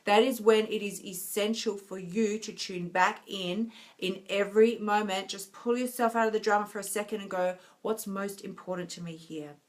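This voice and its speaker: A woman's voice: mid-range voice, fairly even intonation, moderate pace. A woman, a health coach chatting casually with viewers on a live stream, laughing often and giving encouraging advice.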